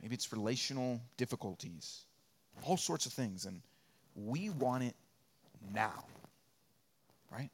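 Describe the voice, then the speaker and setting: A man preaching a sermon as pastor, repeating phrases for rhythm and dropping from loud peaks to quiet asides. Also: mid-range voice, sing-song, takes it slowly, long pauses, a little hiss or hum. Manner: conversational and joking, acts out little quoted voices.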